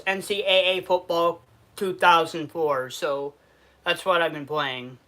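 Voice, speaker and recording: A man's voice: fairly high pitch, fairly even intonation, unhurried, pushed and bright. A man from Western New York with a New York accent, hosting a casual food review livestream, reading viewer comments aloud and answering them, sad underneath.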